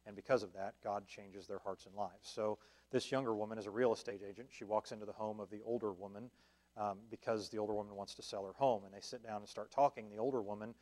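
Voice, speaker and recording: A man's voice: fairly low pitch, steady tone, fast, a little mellow. A man leading a church Bible study, talking it through conversationally with fillers and restarts and checking in with his listeners. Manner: checks in with listeners with a questioning "right?". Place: church meeting room.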